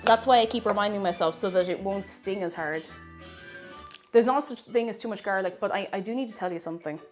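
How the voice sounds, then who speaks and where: A woman's voice: mid-range voice, brisk, soft background music. A young woman with a Tipperary Irish accent, chatting casually with her livestream chat while she cooks, giggling and greeting viewers. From Tipperary, Ireland. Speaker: cooking streamer.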